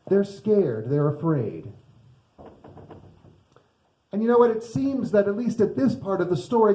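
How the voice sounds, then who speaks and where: Male pastor, fairly high yet mellow voice, relaxed chatty sermon, echoey church. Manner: conversational, asks the congregation rhetorical questions. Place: church sanctuary.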